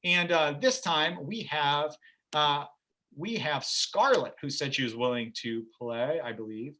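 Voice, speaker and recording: Upbeat male host, high bright voice, chatty and joking on a video call. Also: measured pace. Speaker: game show host. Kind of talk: livestream game show hosting.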